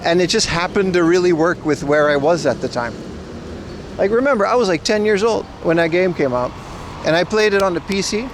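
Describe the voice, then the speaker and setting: A man in his thirties livestreams casually while cycling city streets, rambling and answering viewer messages. His voice is high-pitched, animated and brisk, and background noise runs underneath.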